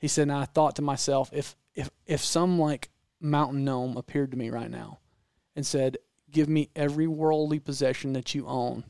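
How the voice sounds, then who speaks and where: A man with a Southern American accent telling stories in casual podcast chat, animated and rambling with frequent restarts. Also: mid-range voice, normal speed, vocal fry, few pauses, smooth, no echo, studio quality. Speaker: podcast guest storyteller.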